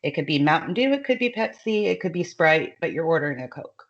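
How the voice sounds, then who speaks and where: Chatty Southern-accented woman, low and muffled. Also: expressive, fairly quick. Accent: Southern American. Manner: chatty, laughs often, many fillers. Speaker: guest author. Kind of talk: casual podcast chat.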